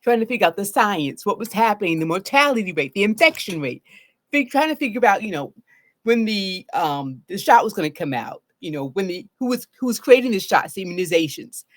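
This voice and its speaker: A woman's voice: mid-range voice, big pitch swings, a little fast. A middle-aged woman therapist giving a live solo talk about trauma. She speaks earnestly and often checks in with "right?".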